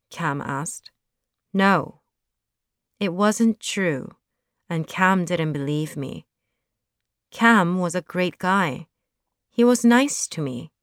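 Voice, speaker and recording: A woman reading a story aloud as narrator, slowly and plainly, lifting her voice a little for the quoted lines. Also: lowish voice, smooth, no echo, studio quality.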